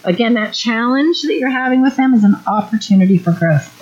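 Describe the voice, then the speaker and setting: A woman's voice: on the high side, lively intonation, a little fast, a little mellow. A middle-aged woman giving an earnest, direct church teaching talk at a parenting workshop. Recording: dull lo-fi recording.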